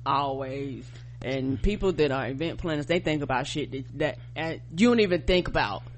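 A woman's voice: low voice, normal speed. A woman co-hosting a podcast, telling stories in casual slangy banter. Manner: animated, laughing, slangy storytelling. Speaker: podcast co-host.

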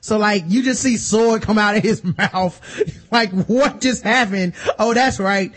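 A man's voice: sits high, measured pace. A man, casually recapping a TV episode and acting out characters in funny voices. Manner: animated, acts out characters with exaggerated voices and laughs. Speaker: podcast co-host.

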